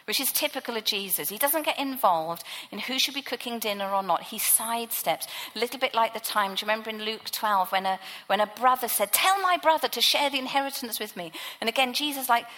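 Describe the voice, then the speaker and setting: A woman's voice: a little high, brisk, hardly any pauses, a bit bright, in a large hall, rough recording. A woman preacher giving a sermon, teaching from the Bible in a conversational way.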